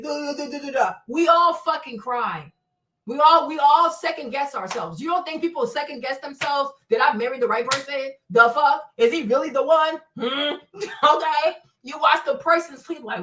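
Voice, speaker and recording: A woman in her forties rants on a livestream, blunt and profane, breaking into laughter. Her voice is high and bright, swinging widely in pitch. She sits a bit back from the mic. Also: animated, normal speed, distant mic. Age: 40s. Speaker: livestream host. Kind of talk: unscripted livestream rant.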